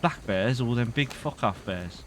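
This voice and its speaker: Male streamer, foul-mouthed and giggly, voice swings wide in pitch. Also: a little slow, a crowd in the background. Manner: swears a lot, laughs often, animated. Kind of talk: live-streamed roleplay chat.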